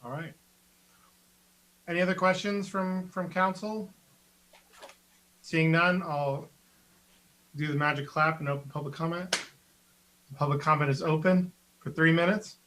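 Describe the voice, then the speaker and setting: Man chairing a council meeting, bright tone, slightly high, easygoing; faint noise behind. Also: fairly even intonation, a little slow, long pauses, poor audio. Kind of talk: online council meeting chat.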